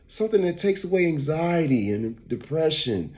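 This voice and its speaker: A man who is a barber and vlogger, giving a casual, animated opinion rant and repeating "man" and "bro.". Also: medium pitch, normal speed.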